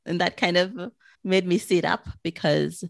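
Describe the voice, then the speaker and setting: A woman hosting a podcast, asking thoughtful, measured interview questions. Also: on the low side, creaky, dry recording, clean studio sound. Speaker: podcast host.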